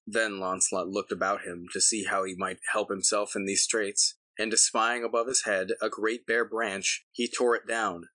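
A man reading an old tale aloud in a measured, formal way. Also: lowish voice, level tone, sharp tone, low-quality recording. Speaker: audiobook narrator. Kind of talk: scripted storybook narration.

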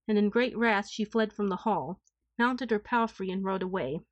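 A woman narrating an old knightly tale in a steady, even storybook reading. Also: mid-range voice, normal speed, no room sound.

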